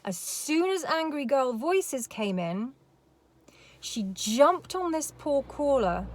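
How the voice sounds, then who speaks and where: A woman's voice: high-pitched, animated, unhurried, no room sound. A woman giving a rambling casual commentary with emphatic repetitions. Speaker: commentary vlogger.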